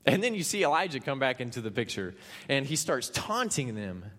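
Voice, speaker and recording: A man from Kansas preaches a sermon, telling the story with lively, playful asides. His middle-pitched voice carries a long reverb, as if he were in a large hall. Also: fairly quick. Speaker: pastor.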